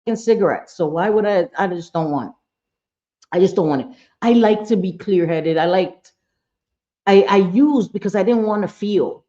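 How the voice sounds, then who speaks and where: A woman hosts a casual livestream chat, talkative and blunt, swearing freely and greeting viewers by name. Her medium-pitched voice has a dark tone and a normal speed, and the recording is muffled.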